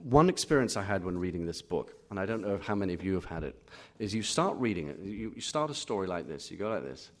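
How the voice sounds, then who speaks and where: A middle-aged Englishman, a literary critic answering audience questions at a live reading, full of pauses and restarts. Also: low-pitched, big pitch swings. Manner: hesitant, many fillers and restarts. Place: auditorium.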